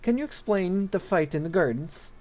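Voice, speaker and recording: A man's voice: sits high, lively intonation, normal speed, darkish tone, faint music behind, voice pushed up. A man reading the lines of a firm, fatherly king in a plain voice.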